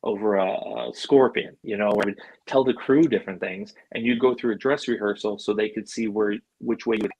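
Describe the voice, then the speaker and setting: Laid-back, low-voiced storytelling man. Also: fairly even intonation, brisk, darkish tone, no room sound, rough recording. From Buffalo, New York, USA. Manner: loose and chatty, full of "like" and "you know", swears freely. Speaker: podcast guest, animal handler. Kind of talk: casual storytelling.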